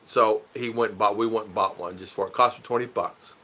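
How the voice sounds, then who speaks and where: Bright-voiced goofy man on a livestream. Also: fairly low pitch, fairly even intonation, a little fast. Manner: goofy, teasing, laughs often. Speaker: livestream host reading viewer comments. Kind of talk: casual livestream chat. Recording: dull lo-fi stream audio.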